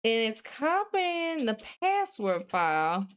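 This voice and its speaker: A woman's voice: fairly high pitch, sing-song, slow, clear, resonant tone. A woman streamer chatting casually on a live stream, reading chat messages aloud, answering them, and thinking aloud while she studies.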